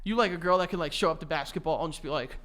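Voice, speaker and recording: Man, 30s, podcast co-host, teasing, profane, bright tense voice, slightly high. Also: racing. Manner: teasing, profane, playful banter. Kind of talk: casual chat.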